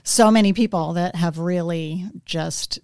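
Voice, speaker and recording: A woman being interviewed about her gallery and theater work, speaking in a thoughtful, measured way with some fillers. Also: on the low side, darkish tone, clear, resonant tone, dry recording, studio quality. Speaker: interview guest, gallery director. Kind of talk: casual conversation.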